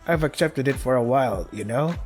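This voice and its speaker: A man's voice: mid-range voice, lively intonation, a little fast, a little mellow, natural voice. A man voicing a friendly young protagonist who makes casual, self-conscious jokes, read in his own everyday voice over faint background music.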